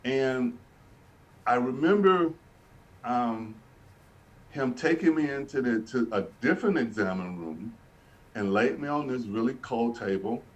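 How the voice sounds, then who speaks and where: A man's voice: mid-range voice, animated, a little slow, pauses often, muffled recording. A man, earnestly telling his life story as an interview guest and often repeating and restarting phrases. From Birmingham, Alabama, US. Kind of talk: personal storytelling in a sit-down interview. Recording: voice picked up from a distance.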